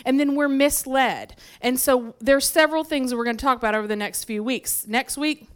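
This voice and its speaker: A woman delivers a sermon in a church, talking to the congregation like friends. Her voice is smooth and clear and sits a little high. She tells personal stories with lively asides. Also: brisk. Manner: conversational, lively storytelling with frequent asides. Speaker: preacher. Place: church sanctuary.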